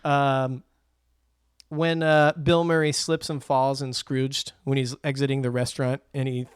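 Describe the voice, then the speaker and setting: This man co-hosts a podcast, casually chatting about films in a smooth, medium-pitched voice with an unhurried pace. He's an animated storyteller who acts out movie scenes amid plenty of laughter, recorded dry and clean in a studio.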